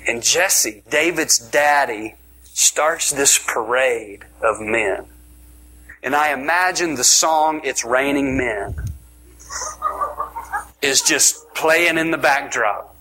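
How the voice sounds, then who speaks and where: A man's voice: mid-range voice, slow, pushed and bright, slightly rough. A man preaching a sermon, telling the story with jokes and dropping into whispers for emphasis. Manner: playful, joking storytelling, with sudden whispers.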